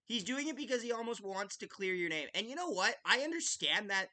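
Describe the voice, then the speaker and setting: A man's voice: high-pitched, animated, a little fast, pushed and bright. A man hosting a live hockey watch-along podcast, ranting with passion and swearing, full of "like" fillers and restarts. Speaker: podcast host. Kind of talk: casual live-stream commentary.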